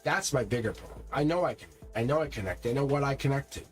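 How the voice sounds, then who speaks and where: A man's voice: mid-range voice, quick pace. A man giving a live tarot reading, talking emphatically and directly to his viewers. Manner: energetic, emphatic, talks straight to viewers. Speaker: tarot reader. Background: faint music.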